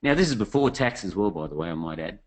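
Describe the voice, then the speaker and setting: A man's voice: low-pitched, expressive, fast talker, poor audio. A man presenting a business webinar, telling stories in a chatty way and speaking straight to his audience. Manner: chatty storytelling, addresses the audience directly.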